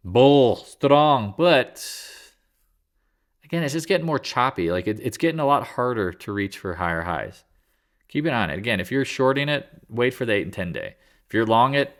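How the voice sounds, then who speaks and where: Male host, lowish voice, casual market-commentary read with goofy slang asides. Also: a bit bright. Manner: loose, jokey, slangy, tosses in silly voices; talks in quick asides and restarts. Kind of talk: casual market recap over charts.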